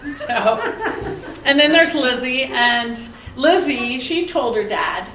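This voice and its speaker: A woman's voice: sits high, takes it slowly, fairly bright tone, slight background noise. A middle-aged woman leads a conversational Bible lesson, asking her listeners pointed rhetorical questions and telling family anecdotes. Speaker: Bible study teacher. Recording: echoey room, mic at a distance.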